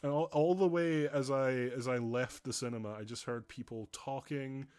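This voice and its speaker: A man's voice: mid-range voice, fairly even intonation, moderate pace, a little mellow, clear, resonant tone. A man chatting earnestly on a stream, rambling with frequent restarts.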